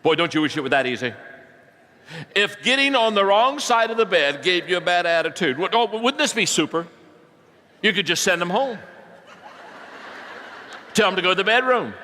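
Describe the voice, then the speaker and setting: A man who is a pastor, preaching a sermon and telling stories, swinging from hushed to loud. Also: sits high, animated, moderate pace, pauses often.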